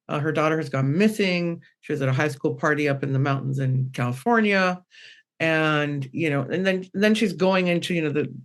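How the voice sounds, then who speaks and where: A woman medium telling a personal story on a podcast panel, rambling and animated, acting out the quotes. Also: sits low.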